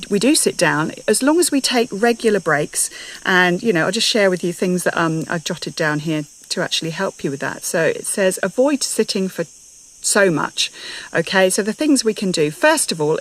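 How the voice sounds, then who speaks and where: A woman's voice: mid-range voice, lively intonation, normal speed, poor audio. Upbeat woman host, casual live chat outdoors, a touch breathless, keeps quizzing her viewers. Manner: chatty, upbeat, asks viewers many questions. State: slightly out of breath. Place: garden, outdoors.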